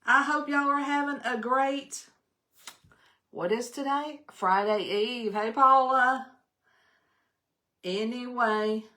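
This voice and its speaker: Chatty Southern grandma hosting a craft livestream. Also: female voice, fairly high pitch, slow pace, long pauses, sharp tone. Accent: Southern American. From American South. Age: older. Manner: chatty, greets viewers by name, folksy. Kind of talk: casual live craft demo.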